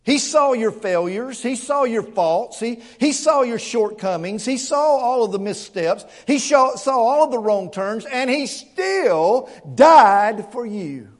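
Guy with a pretty high voice preaching, earnest, keeps stammering and repeating himself, lots of rhetorical questions. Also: expressive, measured pace, few pauses. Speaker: pastor. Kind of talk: sermon.

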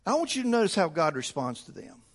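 A man's voice: high voice, sing-song, quick pace. A male pastor preaching a sermon in a church, emphatic and repetitive, often restarting his sentences. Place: church sanctuary. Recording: long church reverb.

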